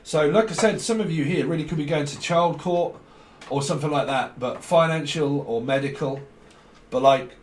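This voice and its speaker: A man's voice: fairly high pitch, normal speed, a little hiss or hum. Rambling man reading tarot. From near London. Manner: free-associating, swearing, chuckling. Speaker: tarot reader. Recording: roomy sound, mic at a distance.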